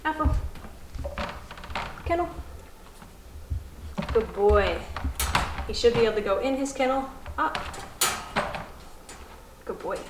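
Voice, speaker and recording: A woman dog trainer explaining puppy commands in a calm teaching manner, softly praising the puppy between steps. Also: on the high side. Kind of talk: instructional demonstration. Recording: echoey room, faint noise.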